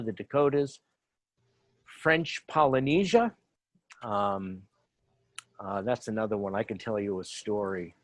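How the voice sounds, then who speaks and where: A man's voice: medium pitch, fairly bright tone, no echo. A man speaking on an online panel about human rights, giving an informal lecture full of fillers, asides and restarts. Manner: rambling, many fillers and asides.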